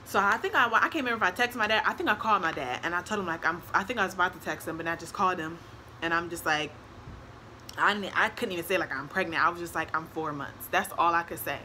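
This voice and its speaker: Bright-voiced young woman telling a story. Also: fairly low pitch, fast talker, slight background noise. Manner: animated, acts out quotes, laughs often. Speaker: vlogger. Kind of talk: casual storytime.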